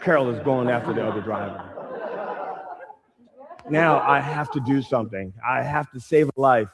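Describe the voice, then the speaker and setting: A man telling a stand-up story, animated, acting out the people in it. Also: mid-range voice, moderate pace, vocal fry, long pauses, crowd noise. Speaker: stand-up comedian.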